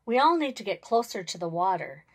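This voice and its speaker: Fields: Figure: wise, gentle old male willow tree, read by a woman. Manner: solemn, calm. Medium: storybook. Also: medium pitch, a little fast.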